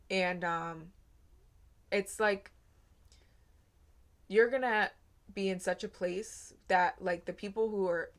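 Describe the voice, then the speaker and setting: A woman giving a casual tarot reading, earnest and rambling, with many fillers. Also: lowish voice. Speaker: tarot reader.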